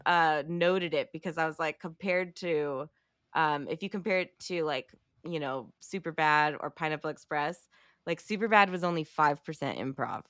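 A woman's voice: deep voice, moderate pace, no echo, studio quality. A young woman co-hosting a podcast, chatting casually about movies with lots of laughter and swearing. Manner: animated, laughing, heavy swearing. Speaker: podcast co-host.

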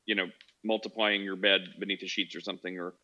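A man's voice: low-pitched, flat delivery, fast talker, dull audio, noisy background. A man hosting a casual chat, rambling and joking. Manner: rambling, joking, laughs often.

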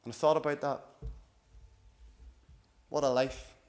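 A middle-aged man telling a story in a sermon, often rising and getting louder for emphasis. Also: a little slow. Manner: animated, rises in pitch and volume for emphasis. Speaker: visiting preacher.

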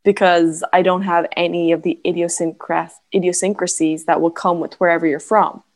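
Giggly Irish woman in a casual chat. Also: on the low side. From Galway, Ireland. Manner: giggly, animated, quick to laugh. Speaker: guest.

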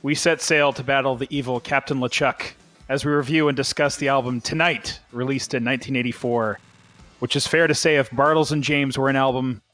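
A man's voice: mid-range voice, steady tone, a little fast, a bit bright, soft background music. A man hosting a podcast, introducing the show in a dry, upbeat way. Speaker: podcast host. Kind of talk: show intro and casual chat.

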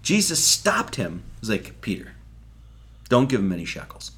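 Casual male preacher, lively intonation, talky Bible-study sermon that acts out the quotes. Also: on the low side, normal speed. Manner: conversational, acts out quoted lines, swears casually.

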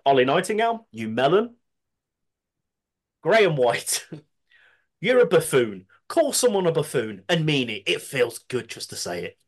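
Animated brummie man reading submissions. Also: a little high, measured pace, long pauses. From Birmingham, England. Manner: animated, laughs often, swears casually. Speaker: podcast co-host. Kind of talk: reading listener submissions, casual chat.

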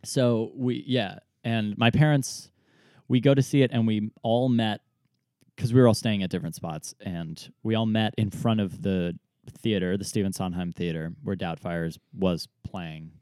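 A man's voice: fairly low pitch, a little slow, no room sound, studio quality. A man in his twenties, co-hosting a podcast, telling a story in a casual chat and acting out the people in it. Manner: animated storyteller, acts out quoted people, laughs often. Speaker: podcast co-host.

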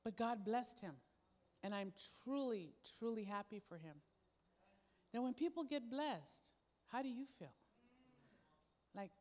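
A woman's voice: fairly high pitch, lively intonation, measured pace, long pauses, a little mellow. Woman preaching in a reverberant hall. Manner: conversational storytelling, acting out quoted dialogue. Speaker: pastor. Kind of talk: sermon with personal story.

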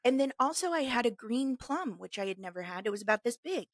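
A woman from Missouri, co-hosting a podcast and telling animated stories in casual chat. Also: a little high, quick pace, dry recording. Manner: animated storyteller who acts out quotes. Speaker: podcast co-host.

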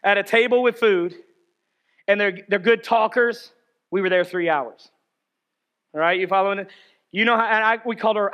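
Pastor, male, high and bright tone, sermon that swings from loud exhortation to low storytelling asides. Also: normal speed, pauses often.

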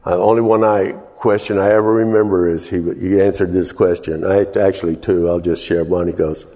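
A pastor preaching a sermon in a folksy, storytelling way, chuckling and breaking into loud exclamations. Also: male voice, sits low, fairly even intonation, brisk. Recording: long hall reverb.

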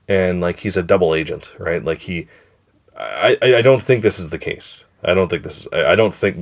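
A man hosting a podcast in casual chat, thinking aloud and hedging as he circles back on his ideas. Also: deep voice. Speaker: podcast host.

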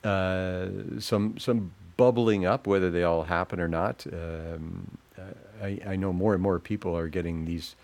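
Deep-voiced man chatting casually. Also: steady tone, a little slow, few pauses, darkish tone. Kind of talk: casual interview chat.

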